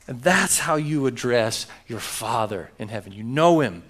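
A man's voice: medium pitch, lively intonation, a little slow, fairly bright tone. A man preaching a sermon as pastor, emphatic and joking with his congregation.

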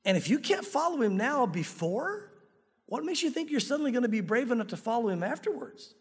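A man with a strikingly high voice preaches a sermon, earnest and direct, often turning to his listeners with questions. His words trail off into the long reverb of a large hall. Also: big pitch swings, brisk, breathy edge. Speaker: pastor.

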